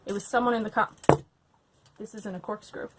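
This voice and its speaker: A young woman at home, tipsy on wine, chatting casually to camera and ranting with lots of swearing and loud outbursts. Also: medium pitch, steady tone, a little fast, very noisy. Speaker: book vlogger. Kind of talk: casual drunk reading vlog.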